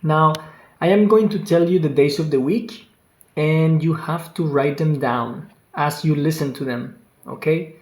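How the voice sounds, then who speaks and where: A language teacher giving an online lesson, speaking slowly and patiently, repeating each word several times and exaggerating the pronunciation on purpose. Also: medium pitch, darkish tone. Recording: roomy echo with faint keyboard clicks.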